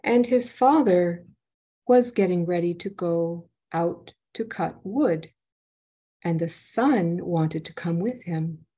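A woman telling a folk tale aloud in an expressive storytelling manner. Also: fairly low pitch, slow, breathy edge. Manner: expressive, lively delivery. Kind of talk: storytelling narration.

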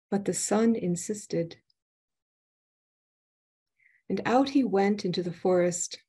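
A woman telling a folk tale aloud in an expressive storytelling manner. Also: mid-range voice, slow pace, long pauses, husky. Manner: expressive, lively delivery. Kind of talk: storytelling narration.

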